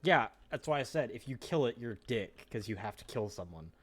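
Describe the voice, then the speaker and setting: A man's voice: medium pitch, expressive, a little fast, fairly bright tone. A man chatting casually while playing a card game on a stream, joking and cursing, sometimes humming and beeping to himself. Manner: swearing, joking, hums and beeps to himself. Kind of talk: casual game-night banter. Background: faint music.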